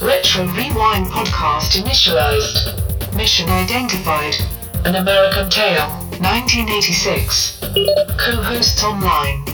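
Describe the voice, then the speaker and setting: A man's voice: high voice, animated, measured pace, pitched above the performer's own voice. A man doing a robotic computer announcer. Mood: mechanical. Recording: distant voice over loud electronic music.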